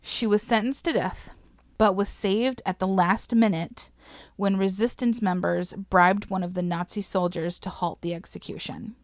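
A woman's voice: medium pitch, fairly even intonation, moderate pace, no room sound, studio quality. A woman casually telling a history story to a co-host, swearing freely, laughing and getting emotional.

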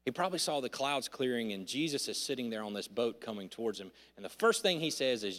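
A man preaching a sermon in a church, swinging between loud emphasis and hushed, intimate lines. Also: mid-range voice, expressive, quick pace, few pauses. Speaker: pastor. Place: church sanctuary. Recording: long hall reverb.

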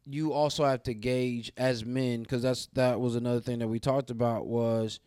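A man from the American South talking frankly in a casual podcast chat, animated and acting out the voices of people he quotes. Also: mid-range voice, moderate pace, clear, resonant tone, no echo, clean studio sound. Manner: candid, animated storyteller who acts out quoted dialogue. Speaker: podcast co-host.

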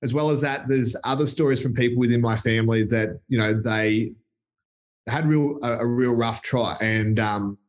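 Relaxed Australian man with a mid-pitched voice. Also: normal speed. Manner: relaxed, thoughtful, many "um"s. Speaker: company CEO, guest. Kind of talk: casual interview chat.

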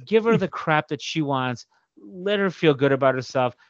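A man hosting a casual podcast, ranting through a story and swearing freely. His voice sits a little high for a man. The sound is dry, slightly dull and lo-fi. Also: lively intonation, moderate pace, no room sound. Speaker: podcast host. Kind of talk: casual chat.

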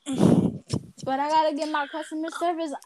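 A woman co-hosting a casual podcast chat, telling profane, animated stories full of acted-out quotes. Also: high-pitched, moderate pace. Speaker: podcast co-host.

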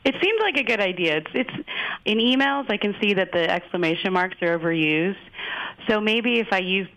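A woman's voice: medium pitch, expressive, moderate pace, fairly bright tone, poor audio. A woman chatting as a listener guest on a radio show, easygoing with hesitant fillers. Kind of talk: casual interview.

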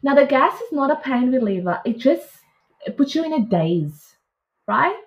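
Animated high-voiced woman telling a story. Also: normal speed. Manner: animated, laughing, acts out her own past lines. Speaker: podcast guest. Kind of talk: casual birth story telling. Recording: dull lo-fi audio.

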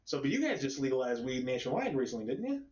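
A man's voice: medium pitch, very animated, quick pace, darkish tone, a little hiss or hum. A man in casual chat from the United States, a rambling storyteller who swears freely and laughs often. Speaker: conversation partner. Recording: distant roomy lo-fi audio.

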